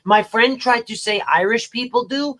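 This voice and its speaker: An American man telling stories in a loose podcast conversation, breaking into excited exclamations. His voice sits high and rings bright and sharp. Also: normal speed. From United States. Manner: animated, exclaiming and storytelling. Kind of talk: casual podcast chat.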